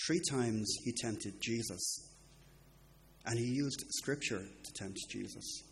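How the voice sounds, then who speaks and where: A man preaching an earnest sermon, quoting scripture and recommending books, with brisk asides. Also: mid-range voice, gravelly, slight background noise.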